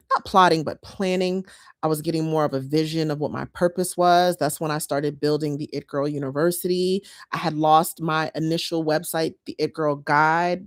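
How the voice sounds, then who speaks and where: Low-voiced woman vlogging. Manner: chatty, heartfelt, addresses viewers as y'all. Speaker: lifestyle vlogger. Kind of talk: casual chat to viewers.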